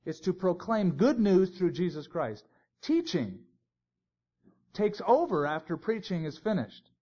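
A man's voice: high-pitched, very animated, a little slow, warm tone, slightly rough. A man teaching a Bible sermon in a conversational way, with joking asides. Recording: dull lo-fi recording.

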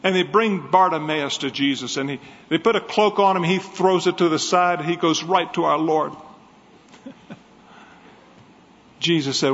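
Preacher guy, kinda high voice, passionate storytelling, dull echoey hall sound. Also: unhurried, long pauses, a bit bright. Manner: impassioned storytelling. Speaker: evangelist preacher. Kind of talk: sermon.

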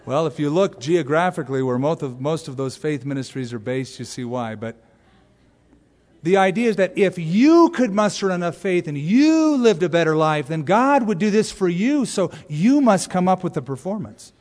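A man preaching an expository sermon as pastor, animated and acting out little voices. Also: fairly high pitch, moderate pace, long reverb tail. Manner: animated, acts out voices and exaggerated asides. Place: large church sanctuary.

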